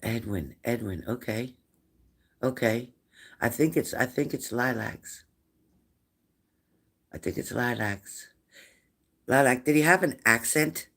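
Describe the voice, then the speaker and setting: A man's voice: mid-range voice, takes it slowly, vocal fry, long pauses, a bit bright. A man hosting a live-stream spirit reading as a medium, who asks viewers the same probing questions again and again. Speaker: psychic medium.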